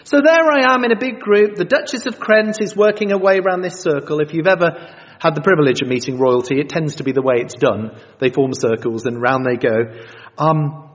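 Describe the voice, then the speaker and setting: A man, preaching a sermon, telling stories in an animated and self-mocking way. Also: fairly high pitch, fairly quick. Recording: dull sound in a reverberant hall.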